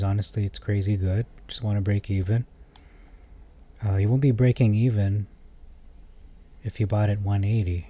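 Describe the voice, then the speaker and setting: A man hosting a stock market video, talking casually through numbers and reading viewer comments with exasperated asides. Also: fairly low pitch. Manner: animated, exasperated asides, thinks aloud with fillers.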